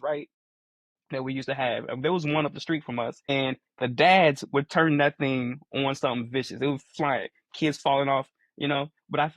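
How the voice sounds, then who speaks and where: Earnest guy in his 40s on a podcast, mid pitch, repeats himself a lot, dry close mic. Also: no echo. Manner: earnest, repeats phrases while explaining. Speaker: podcast co-host. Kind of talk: casual podcast chat.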